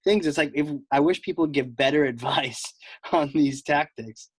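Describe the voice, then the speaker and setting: A man hosting a podcast, chatting casually and telling lively stories with plenty of fillers. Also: a little high, normal speed, husky, no echo. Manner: animated storyteller, lots of fillers. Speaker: podcast host. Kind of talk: casual conversation.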